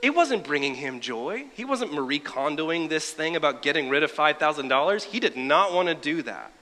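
A man delivers a sermon in a bright, forceful voice, chatty and wry rather than formal. His words ring out with a long hall reverb, as if recorded in a big church. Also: on the high side, very animated, moderate pace. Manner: conversational, wry asides. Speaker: preacher.

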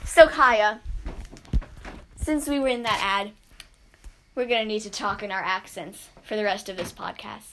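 A woman's voice: medium pitch, unhurried, pauses often, pushed and bright, a little hiss or hum. A young American woman co-hosting a casual podcast, giggly and silly, putting on a mock Australian accent. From United States. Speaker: podcast co-host. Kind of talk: casual chat.

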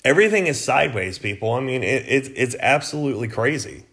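A man's voice: mid-range voice, expressive, fast, a bit bright. A man hosting a political podcast, delivering an angry, profane rant in a blunt, heated way. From United States.

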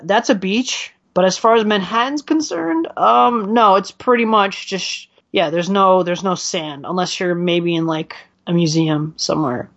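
Excitable New York co-host, fast casual banter, slightly muffled mic. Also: male voice, high-pitched. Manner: quick, excitable, profane. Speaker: podcast co-host. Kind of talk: casual chat. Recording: slightly dull lo-fi sound.

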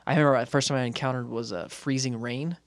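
A man's voice: mid-range voice, steady tone, fast, dry recording, studio quality. A man hosting a podcast, chatting casually and rambling through tangents, often restarting his sentences. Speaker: podcast host. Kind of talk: casual interview chat.

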